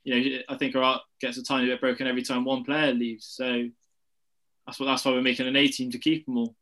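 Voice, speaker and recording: A man with a mid-pitched, bright, forceful voice talking as a guest on a casual podcast. He hesitates with ums and little laughs while searching for words. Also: flat delivery, fast talker.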